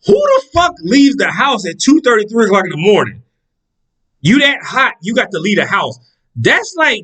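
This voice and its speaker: Over a low-quality recording, a man with a high-sitting voice spins a casual tale, cursing liberally and animatedly impersonating the people involved.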